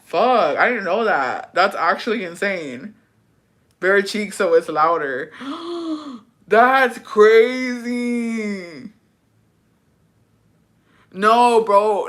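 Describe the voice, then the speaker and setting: Young woman, livestream host, slightly low voice, swearing constantly, quick and casual. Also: lively intonation, a bit bright. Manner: profane, rapid storytelling, slipping Spanish words in. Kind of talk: casual storytelling chat.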